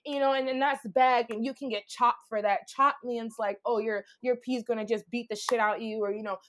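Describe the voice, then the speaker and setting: A woman tells her own story as an interview guest. She talks in a blunt, candid way, swears freely and fills her speech with "like." Her voice sits slightly high. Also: fairly even intonation, normal speed. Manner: blunt, profane, heavy use of "like".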